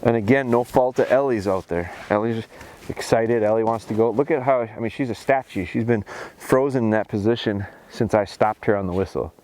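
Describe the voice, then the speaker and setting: A man training his bird dogs in a snowy field, explaining each step between commands. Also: fairly quick. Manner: calls dogs in a high excited voice, then explains calmly. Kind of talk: outdoor training commentary.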